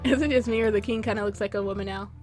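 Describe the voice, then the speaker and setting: A woman's voice: medium pitch, fairly even intonation, very fast, darkish tone, soft background music. A woman chatting casually and laughing easily while playing a video game with a friend. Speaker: game player. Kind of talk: casual gameplay chat.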